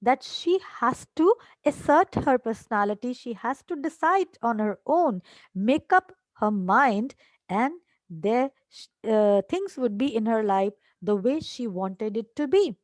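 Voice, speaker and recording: A woman's voice: fairly high pitch, expressive, a little slow, dry recording. A woman, explaining a play line by line to a class, with fillers and tag questions. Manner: reads a line, then explains it, switching to Hindi at times. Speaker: English teacher.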